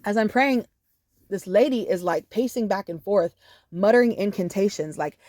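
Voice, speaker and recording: Woman, casual storytime, animated and profane, dry close sound. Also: mid-range voice, normal speed, no room sound. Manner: profane, animated, full of fillers like "you know". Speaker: storyteller vlogger.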